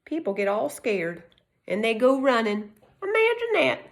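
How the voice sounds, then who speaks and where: A woman with a Texas accent talks to the camera in a casual, preachy way. She leans hard on her points and sometimes leaps up into excited, high exclamations. Her voice sits a little on the high side. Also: a little slow. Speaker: vlogger speaking on constitutional rights. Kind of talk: casual chat.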